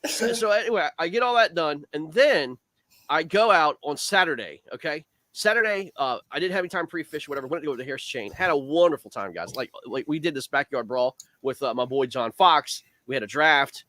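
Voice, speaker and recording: Rambling, excitable man telling a fishing story. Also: on the high side, brisk, no echo. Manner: rambling, animated, lots of fillers like "man" and "dude". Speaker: guest angler. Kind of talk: casual storytelling chat. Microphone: video call.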